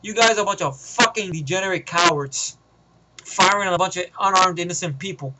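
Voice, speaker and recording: A man's voice: high-pitched, brisk, background noise, close to an everyday voice. A man voicing a profane ex-soldier heroine. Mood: menacing. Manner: menacing, swearing, interrogating. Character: tough female ex-soldier vigilante, cold and profane.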